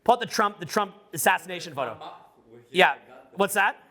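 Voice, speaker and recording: Excitable middle-aged man, lively gravelly voice. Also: high voice, fairly quick. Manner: loud, excitable, profane, rambling. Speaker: social skills coach. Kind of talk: casual live talk to a room.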